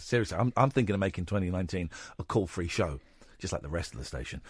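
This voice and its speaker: A man hosting a late-night radio show, chatting with sarcastic, animated banter. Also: low-pitched, fast, breathy edge, no echo. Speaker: radio host. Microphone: studio microphone.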